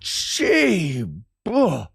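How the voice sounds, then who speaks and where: Gravelly guy streaming a game, bouncy pitch, trash talking chat, slow and easy. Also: wildly swooping pitch, no room sound, clean studio sound. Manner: playful trash talk. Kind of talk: live gameplay commentary to chat.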